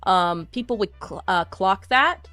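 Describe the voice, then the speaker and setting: A woman's voice: medium pitch, measured pace, dry recording, soft background music. Woman streamer chatting with dry sound. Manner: animated, opinionated, filler-heavy. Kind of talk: casual chat reading viewer comments.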